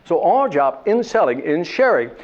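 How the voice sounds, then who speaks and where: A man's voice: on the high side, moderate pace. A man giving a motivational sales talk, telling a story and acting out whining voices along the way. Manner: animated, acts out whining voices and characters. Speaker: sales trainer. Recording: dull lo-fi sound.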